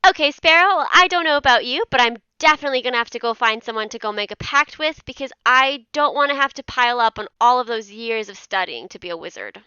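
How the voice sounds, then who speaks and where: Brief: woman podcast co-host, high and bright, very lively, bubbly and encouraging, dry close sound. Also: quick pace, few pauses, clean tone, no room sound, highs cut off. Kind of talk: casual chat.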